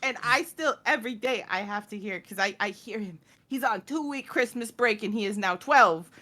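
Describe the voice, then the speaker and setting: Bright animated woman telling stories. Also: mid-range voice, moderate pace. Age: 30s. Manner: animated storyteller, acts out quotes. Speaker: podcast guest. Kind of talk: casual chat.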